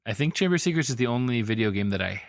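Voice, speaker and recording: A man's voice: medium pitch, animated, very fast, creaky, no room sound, clean studio sound. A man co-hosting a podcast, talking in a rambling, easygoing way with many fillers. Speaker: podcast co-host. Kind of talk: casual chat.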